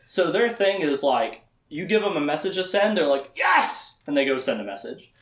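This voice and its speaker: A man giving a casual, comedic lecture summarizing books to a small audience, acting out the characters' lines with quick voice shifts. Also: on the high side, lively intonation. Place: room with a small live audience. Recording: echoey room.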